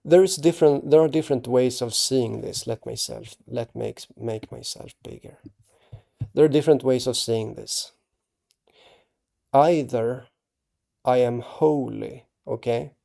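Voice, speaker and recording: A man hosting his own channel, talking to camera in a halting, earnest way, restarting his sentences and checking in with tag questions. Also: medium pitch, vocal fry, dark tone. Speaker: artist and channel host. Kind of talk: casual talk to camera.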